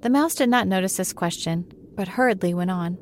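A woman narrating a classic storybook with a steady, expressive reading. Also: mid-range voice, a little fast, slight background noise.

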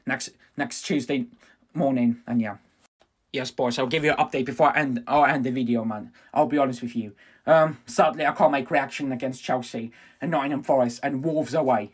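A man with a husky, breathy voice rants through a reaction vlog. He swears freely and lurches between loud outbursts and low, muttered asides. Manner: ranting, swearing, swings from shouting to low mumbling. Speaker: fan reaction vlogger.

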